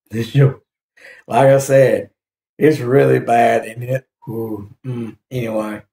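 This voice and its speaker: Slow, gravelly-voiced man in an echoey room. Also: mid-range voice, level tone, dark tone. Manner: rambling, laughing, hesitant. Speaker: YouTube reviewer host. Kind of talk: casual review vlog.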